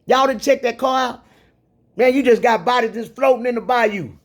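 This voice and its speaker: A man's voice: extremely high pitch, moderate pace. A man giving ranting commentary, rambling and repeating himself, heated and profane.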